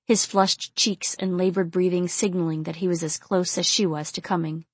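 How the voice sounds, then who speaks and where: A woman narrating an erotic romance novel in a soft, low, intimate reading. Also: steady tone, normal speed, slightly rough, dry recording. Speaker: audiobook narrator.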